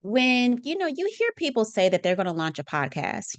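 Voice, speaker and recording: A woman's voice: fairly high pitch, brisk, few pauses, dry recording. A woman hosting her own podcast, talking casually and expressively to listeners with lots of asides. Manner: chatty and expressive, many fillers and asides. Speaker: podcast host. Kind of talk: casual solo podcast monologue.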